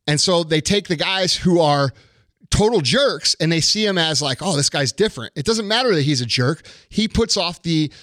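A man's voice: a little high, animated, moderate pace, fairly bright tone, no room sound, clean studio sound. A man giving blunt dating advice in casual podcast chat, profane and emphatic.

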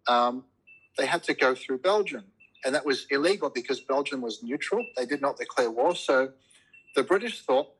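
A man with a bright, forward tone and a husky edge to his voice talks in loose podcast chat. He rambles with frequent restarts and swears freely when he gets worked up, arguing his point with strong opinions. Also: medium pitch, animated, normal speed, rough recording. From immigrant to a Commonwealth country.

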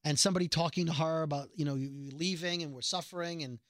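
A man co-hosts a podcast, recapping a TV episode in casual conversation. He's animated and quickly slips into character voices when quoting. His voice is fairly high, and the recording is dry and studio-clean.

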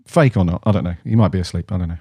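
A man in relaxed banter, dropping casual swear words as he chats through the news. His voice sits fairly low and mellow. The sound is close and dry. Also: racing, breathy edge, dry recording. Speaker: podcast co-host. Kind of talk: casual chat.

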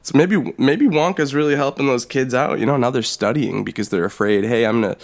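A podcast co-host in casual comedic chat, laughing often and gushing in an animated way. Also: medium pitch, a little fast.

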